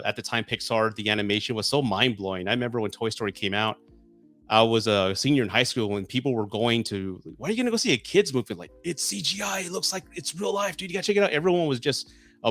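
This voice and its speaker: A mid-range-voiced man in his forties hosts a casual live stream, chatting excitedly and growing emotional whenever viewers send gifts.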